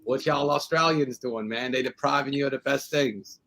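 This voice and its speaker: A man, chiming in on a casual podcast with slow, joking banter. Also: medium pitch, a bit bright. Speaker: podcast co-host. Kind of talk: casual chat.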